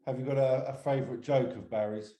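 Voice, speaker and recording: A man asking brief, soft interview questions from a distance. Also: mid-range voice, fairly even intonation, fast talker. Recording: echoey room, off mic.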